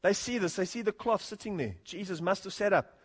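This man's high, slightly rough voice is expressive and a little fast as he preaches an earnest expository sermon. He repeatedly rises to emphatic points and chuckles between them, with long hall reverb on the recording.

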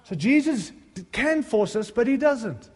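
A man's voice: very high voice, animated, measured pace, darkish tone, long reverb tail. A middle-aged male pastor preaching a sermon, mixing humorous, self-deprecating stories with fervent appeals to the congregation.

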